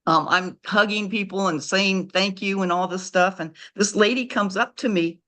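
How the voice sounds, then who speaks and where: A woman's voice: mid-range voice, moderate pace, fairly bright tone. A middle-aged woman telling an emotional story as a guest author, heartfelt and repeating words for emphasis.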